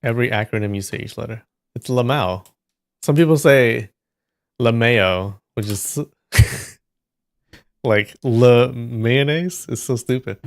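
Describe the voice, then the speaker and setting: A man's voice: medium pitch, moderate pace, creaky, dry recording. A man hosting a live stream, chatting casually with viewers and joking and teasing with frequent laughs.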